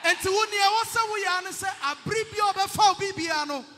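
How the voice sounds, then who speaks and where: A man interprets a sermon, calling out each phrase loudly and with energy. His voice is very high and bright. A long reverb from the church hall trails behind every phrase. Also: a little fast.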